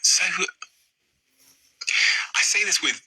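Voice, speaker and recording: A man who hosts interviews, asking his guest questions in a measured, thoughtful way. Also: sharp tone, in a whisper, poor audio. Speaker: podcast interviewer.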